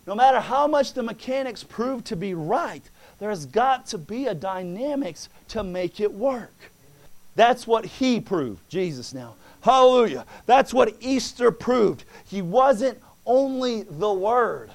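A male preacher delivering a sermon, moving from quiet talk into fervent preaching. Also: sits high, expressive, takes it slowly.

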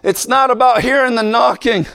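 A man preaching a sermon, fervent and rising to shouts. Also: very high-pitched, moderate pace, gravelly, clear, resonant tone.

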